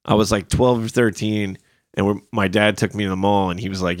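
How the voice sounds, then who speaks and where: A man's voice: fairly even intonation, a little fast, no room sound, clean studio sound. A man hosting a podcast, telling stories in casual chat, swearing freely and acting out quotes. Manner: swears freely, acts out quotes in high voices.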